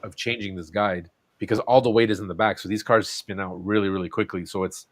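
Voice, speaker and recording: A man hosting a laid-back chat, rambling with plenty of ums and false starts. His voice sits a little low, and the recording is dry and close with no room sound. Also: steady tone, fast talker, no room sound. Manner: rambling, lots of ums and restarts. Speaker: host. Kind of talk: casual chat.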